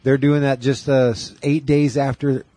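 A man's voice: mid-range voice, level tone, moderate pace, warm tone, dry recording. A man co-hosting a casual podcast, rambling and joking, a little stuffy today. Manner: joking, rambling, jumps into mock singing. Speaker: co-host.

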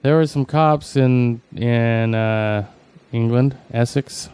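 Mellow smooth-voiced man. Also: medium pitch, slow pace. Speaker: podcast co-host. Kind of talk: casual comedy podcast banter.

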